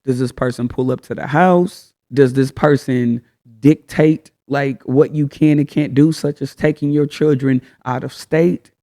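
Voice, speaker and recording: A man's voice: medium pitch, steady tone, unhurried, mellow. A man hosting a casual advice talk, speaking frankly in slang and firing off rhetorical questions. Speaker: host.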